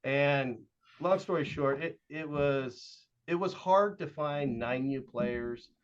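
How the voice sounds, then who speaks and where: A man's voice: fairly high pitch, slow. A middle-aged man from Southern Oregon tells a long story as a guest on a podcast. He is a youth baseball coach. His speech wanders, full of "uh" and "like" and acted-out snippets of dialogue, and the recording sounds slightly dull and lo-fi. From Southern Oregon, USA. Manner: rambling, with frequent "uh" and "like", acting out quoted dialogue.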